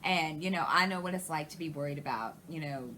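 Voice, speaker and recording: A woman's voice: low-pitched, brisk, bright, forceful tone, a little hiss or hum, poor audio. Rambling woman telling a story. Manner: rambling, retells conversations, many restarts. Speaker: crafting channel host. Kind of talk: casual storytelling to camera.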